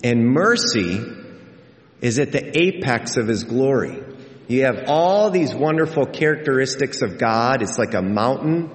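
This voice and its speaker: A man's voice: mid-range voice, lively intonation, unhurried. A man preaching a sermon as a pastor, speaking earnestly and emphatically, repeating key phrases for weight. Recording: echoey hall with long reverb.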